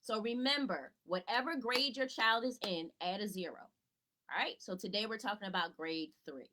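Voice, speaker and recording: A woman's voice: mid-range voice, moderate pace, pushed and bright, a little hiss or hum, poor audio. A woman tutor giving a casual live teaching talk to parents from home, asking rhetorical questions and answering them herself. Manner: casual, chatty, greets viewers by name. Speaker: tutor and educator.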